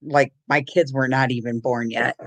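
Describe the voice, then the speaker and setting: A woman telling a funny family story in casual chat, lively and laughing. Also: rumbling low, normal speed. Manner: lively, laughing, acts out shouted quotes.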